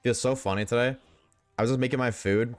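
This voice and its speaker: Mid-range and fairly even in tone, the young man talks quickly, cracking jokes, cursing and responding to chat during his game stream. Soft music plays under a dry recording.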